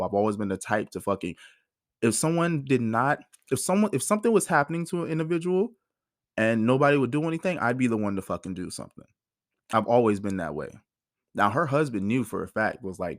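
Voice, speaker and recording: A man in his thirties with a lowish voice rants through a casual podcast monologue, heated and full of profanity. The sound is dry and close, with no room around it. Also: no echo. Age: 30s. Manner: heated, profane, animated storytelling. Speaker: podcast host.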